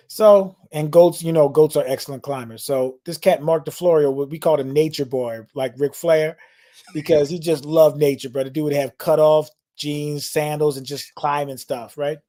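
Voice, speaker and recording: A man co-hosting a casual podcast, telling a story in a lively, laid-back way with plenty of slang. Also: fairly high pitch, moderate pace. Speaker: podcast co-host, musician.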